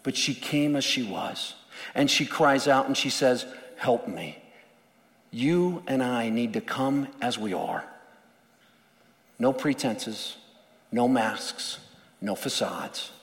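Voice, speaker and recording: A man's voice: medium pitch, slow, fairly bright tone, big-room sound. A male pastor preaching a sermon in an earnest, emphatic way, often repeating words.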